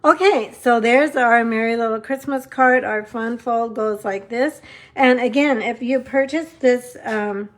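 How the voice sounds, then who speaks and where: A woman's voice: fairly high pitch, measured pace. Chatty woman demoing card crafts live. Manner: chatty, rambling, warm toward viewers. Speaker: papercraft demonstrator. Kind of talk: live-stream craft demo chat.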